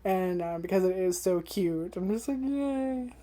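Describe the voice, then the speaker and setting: A woman's voice: fairly low pitch, little pitch movement, moderate pace, mellow. A woman vlogger chatting casually about an anime, rambling with lots of fillers and freely swearing. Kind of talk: casual first-impressions chat.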